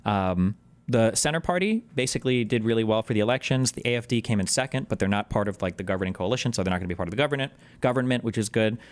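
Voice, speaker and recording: A man's voice: lowish voice, animated, dry recording. A man streaming, reacting to clips with a casual, profane, sarcastic political rant. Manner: profane, fast-shifting, sarcastic.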